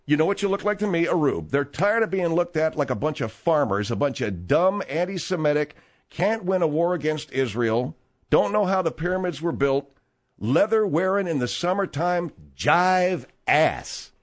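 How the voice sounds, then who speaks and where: A man's voice: fairly high pitch, lively intonation, moderate pace. A man hosting a radio talk show, bluntly reading news items and throwing in sarcastic asides. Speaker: radio host. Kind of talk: casual radio banter.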